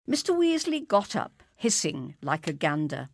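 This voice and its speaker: A woman narrating a story in a lyrical, expressive reading. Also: lowish voice, unhurried, gravelly, no echo, clean studio sound.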